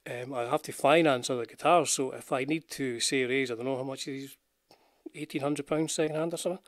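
A man's voice: mid-range voice, steady tone, fairly quick, no echo, studio quality. Rambling older Scottish man. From Scotland. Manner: rambling, chatty, self-deprecating, greets viewers in the chat. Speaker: guitar channel host. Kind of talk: casual live-stream chat. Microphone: wearing headphones with a desk mic.

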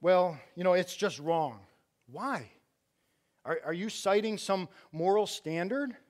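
A man's voice: high voice, animated, takes it slowly. A middle-aged man preaching a conversational sermon in a church, arguing with rhetorical questions and often restarting his sentences. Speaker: church outreach director preaching.

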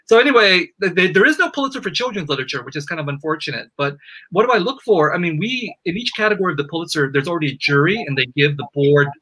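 A man's voice: a little high, animated, fast talker, sharp tone, husky, low-quality recording. A middle-aged man, an author, talking at home in a chatty interview, with self-deprecating humor. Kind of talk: interview over video call.

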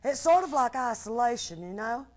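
A woman's voice: fairly high pitch, expressive, moderate pace. Brash woman trash-talking. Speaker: wrestler guest. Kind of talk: casual TV banter.

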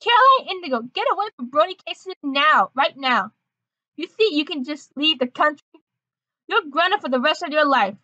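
A woman voicing an angry mother who scolds her daughter loudly, on a dull lo-fi recording. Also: high-pitched, animated, moderate pace, no room sound, voice pushed up. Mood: furious. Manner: shouting, scolding.

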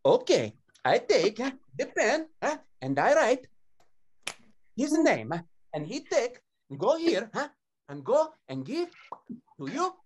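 A father in a heavy put-on Italian accent, as a man puts him on, talking in halting broken English. The voice jumps well above the speaker's usual register and swings widely in pitch. It comes through a video call mic. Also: wildly swooping pitch, slight background noise, full character voice. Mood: mock-serious.

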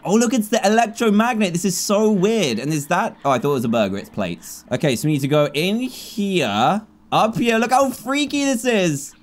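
A young man narrates a game he is playing, his voice lively and all over the place. He mutters low while he thinks, then jumps up into excited shouts when something works. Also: moderate pace, hardly any pauses. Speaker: gaming YouTuber. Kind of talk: gameplay commentary.

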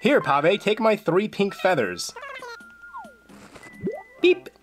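Casual game commentary, playful and jokey, animated pitch, game music clearly underneath. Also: moderate pace. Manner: playful, jokey, excitable outbursts. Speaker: gameplay video journal host.

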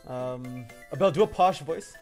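A man's voice: medium pitch, measured pace, faint music behind. A man hosting a casual gaming session, reading the story aloud and laughing often. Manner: animated, laughs often, swears. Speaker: host, game narrator.

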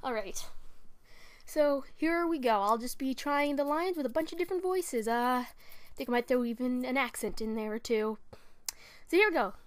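A chatty young woman talks casually from her bed as she records a voice audition, teasing herself between takes. Her voice sits high, and the bedroom sound is dry and close. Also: expressive, moderate pace, no echo. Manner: chatty, self-mocking. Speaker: amateur voice actor.

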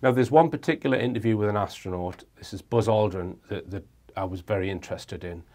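A man's voice: lowish voice, quick pace, darkish tone. A man presenting informally as a lecturer, repeating words as he goes.

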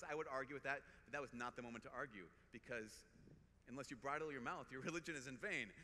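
A priest with a Minnesota accent tells a personal story to a conference crowd in a bright, forward voice. He talks earnestly and conversationally, often restarting and repeating words. His voice rings out with a long reverb through a big hall, over a faint hum of background noise. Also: mid-range voice. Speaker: priest giving a conference talk. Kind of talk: personal storytelling to a live audience.

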